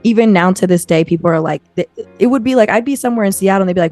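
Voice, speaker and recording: A woman from Kentucky co-hosting a podcast, telling stories in an animated, chatty way. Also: medium pitch, racing, no room sound, faint music behind. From Kentucky, USA. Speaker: podcast co-host. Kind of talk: casual chat.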